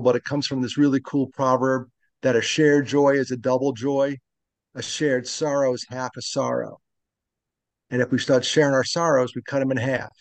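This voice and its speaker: A man in his late fifties speaks earnestly and reflectively as a podcast guest. His voice has a gravelly edge, and the sound is dry and close. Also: medium pitch, dry recording. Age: 50s. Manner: earnest and reflective, speaks openly about loss. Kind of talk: conversational interview.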